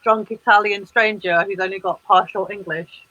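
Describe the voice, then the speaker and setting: Bright-voiced woman, chatty guest. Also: medium pitch, steady tone, normal speed, no echo, highs cut off. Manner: chatty, frequent fillers and restarts. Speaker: guest performance artist. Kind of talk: casual interview chat.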